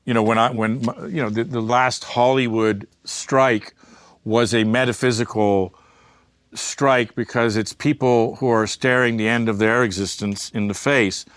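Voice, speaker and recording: A man's voice: medium pitch, fairly even intonation, a little slow, fairly bright tone, dry recording. A man giving a candid interview, talking bluntly and emphatically, swearing freely and wandering into asides. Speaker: media entrepreneur and interview guest.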